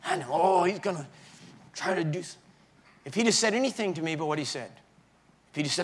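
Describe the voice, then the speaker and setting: A man preaching in a sermon, telling his own story with halting restarts and swings between hushed and loud moments. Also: high voice, lively intonation. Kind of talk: sermon testimony.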